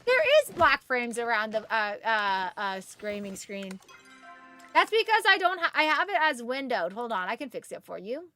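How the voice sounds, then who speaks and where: A woman's voice: fairly high pitch, very animated, moderate pace, pushed and bright, faint music behind. A young woman streaming a game, chatting casually and rambling as she reads chat and thanks viewers by name. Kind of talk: casual live-stream chat while gaming.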